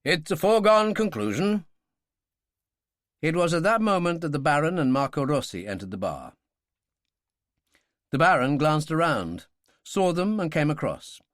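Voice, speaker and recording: A man narrating a thriller audiobook with measured, descriptive delivery. His pitch moves animatedly through each sentence. The recording is dry and close, with no room sound. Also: big pitch swings, fairly bright tone, no echo. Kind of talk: scripted narration.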